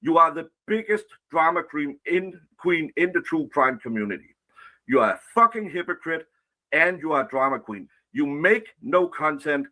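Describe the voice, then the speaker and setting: A man rants angrily in a played clip, swearing and confronting his critics. His voice is bright and edgy, set a little high for a man. He talks at his critics head-on. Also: expressive, moderate pace. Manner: angry, profane and confrontational. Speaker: online commentator. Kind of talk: angry rant.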